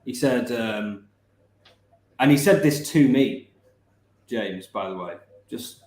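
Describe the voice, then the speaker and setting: A man's voice: mid-range voice, takes it slowly, a little mellow. A man co-hosting a casual live chat show, telling rambling stories and correcting himself mid-sentence. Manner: rambling anecdotes with self-corrections. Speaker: podcast co-host. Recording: roomy echoey room.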